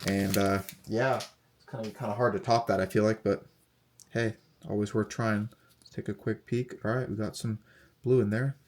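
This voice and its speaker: A young man casually talking through a card unboxing, reading off player names in a steady, relaxed list. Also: on the low side, normal speed, a little hiss or hum. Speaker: card collector unboxing host.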